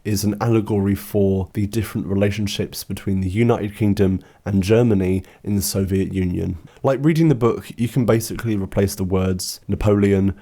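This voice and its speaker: A man talking through a film adaptation in a commentary video essay, dry and sarcastic in his asides. His voice sits a little low and sounds warm and relaxed rather than bright.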